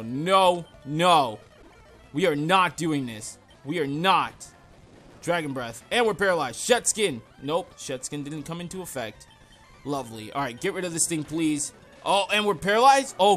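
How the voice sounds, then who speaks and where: Rambling young gaming host. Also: male voice, a little high. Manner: rambling, self-deprecating, yells at the game. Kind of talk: casual game commentary.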